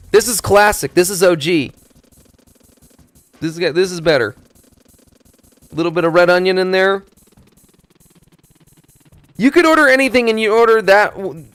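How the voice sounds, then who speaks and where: A man streaming, chatting casually in a rambling, profane, animated storytelling way. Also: high voice, no echo.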